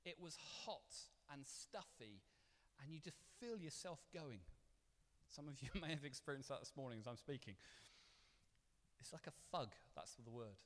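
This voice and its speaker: A man preaching a sermon in a church, conversational and animated with playful asides. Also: medium pitch, normal speed. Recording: long reverb of a church hall.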